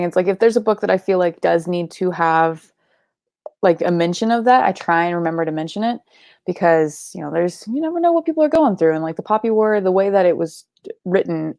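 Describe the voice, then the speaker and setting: Young woman host, loose chatty delivery with fillers and swearing; creaky tone, dry room. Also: fairly low pitch, mellow, no room sound. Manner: chatty, swears casually, many filler likes and ums. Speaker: book club live show host. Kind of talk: casual livestream chat reading comments.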